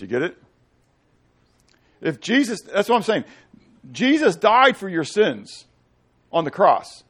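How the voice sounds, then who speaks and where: Pastor guy preaching, higher voice, asks the crowd stuff, goes loud then real quiet. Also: slow, long pauses, husky. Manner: animated, asks the congregation questions; swings from loud to hushed. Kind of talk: sermon.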